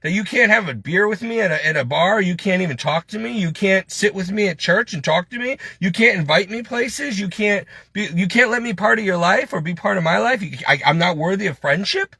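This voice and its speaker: A man's voice: high-pitched, animated, brisk, vocal fry, few pauses, pushed and bright, breathy edge, no room sound. A man venting in a heated, preachy monologue, scolding and then complaining with frustration. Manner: frustrated, self-pitying. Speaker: lay preacher.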